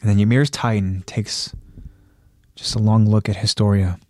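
A man's voice: lowish voice, steady tone, moderate pace, darkish tone, no room sound, clean studio sound. A man hosting a podcast, plainly retelling an anime episode with fillers. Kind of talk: episode recap narration.

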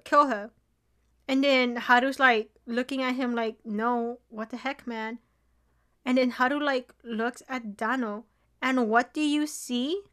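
Brief: young woman, high bright voice, excitable recapper who swears and acts out the scenes. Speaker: co-host recapping a drama. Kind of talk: casual chat.

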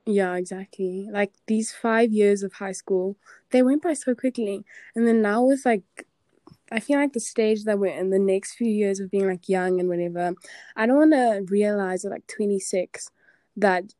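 A woman's voice: medium pitch, normal speed, warm tone, no echo. A young woman, co-hosting a podcast in casual chat, earnest and reflective, saying "like" often. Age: late teens. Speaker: podcast co-host.

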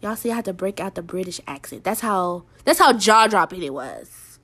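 A woman's voice: mid-range voice, animated, moderate pace, bright, forceful tone, slightly rough. A woman hosting a review show, talking in a chatty, emphatic way full of fillers and repetition. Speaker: show host reviewing TV episodes. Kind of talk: casual review monologue.

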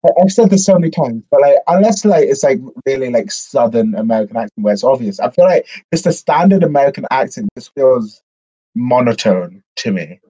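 A man's voice: mid-range voice, very animated, brisk, warm tone, slightly rough, no room sound, rough recording. A young English man co-hosting a casual podcast chat, rambling with lots of fillers and restarts. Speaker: podcast co-host.

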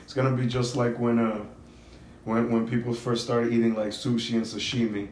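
A man's voice: mid-range voice, flat delivery, normal speed, a little mellow. Laid-back joking man in roomy room. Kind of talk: casual podcast banter. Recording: roomy room with background noise.

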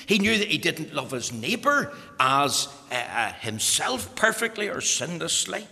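A man's voice: on the high side, big pitch swings, unhurried, creaky, bright, forceful tone, in a large hall. A man preaching a sermon, explaining scripture in an emphatic way and addressing the young people listening.

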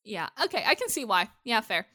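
A woman's voice: medium pitch, big pitch swings, fairly quick, sharp tone, no room sound. Chatty woman recapping TV, dry close sound. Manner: chatty, swears freely, acts out quotes. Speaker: podcast co-host. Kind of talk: casual TV recap chat.

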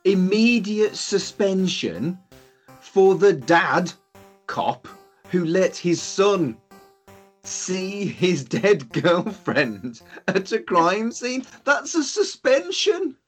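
A man co-hosting a podcast in casual chat, making slow, sweary, deadpan objections. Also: sits high, slightly rough, faint music behind. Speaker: podcast co-host.

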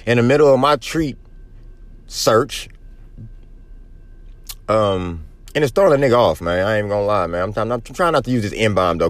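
A hoarse man with a cold hosting a podcast from his car, talking loose, slangy and profane. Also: low voice, slight background noise. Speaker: podcast host. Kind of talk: casual solo podcast talk. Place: in a car on the road.

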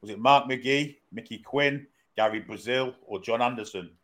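A man's voice: mid-range voice, normal speed, fairly bright tone. Man reading out quiz options. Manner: reads questions and multiple-choice answers. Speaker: co-host quizmaster. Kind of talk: casual live-stream quiz.

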